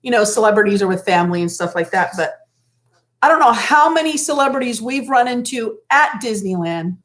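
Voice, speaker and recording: A woman co-hosting a relaxed live stream chat. Her voice sits fairly high, and she tells stories with plenty of animation, playing out what people said. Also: fairly quick. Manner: animated storyteller, acts out quotes loudly. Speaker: co-host. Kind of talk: casual chat.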